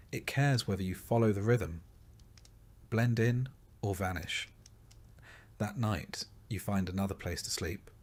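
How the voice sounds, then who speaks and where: A man with a somewhat low voice reads a scripted bedtime story. He speaks softly and evenly, never hurrying, and addresses the listener directly as "you" in a soothing second-person style. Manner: soft, even and unhurried, second-person storytelling. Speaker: narrator. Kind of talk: slow, calm scripted sleep narration.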